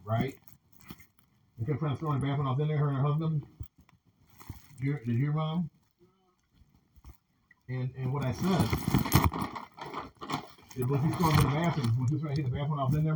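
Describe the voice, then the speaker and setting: Rambling man over loud noise. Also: fairly high pitch, brisk, long pauses. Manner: repetitive, rambling, keeps seeking agreement. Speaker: son talking to his mother. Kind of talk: rambling home conversation.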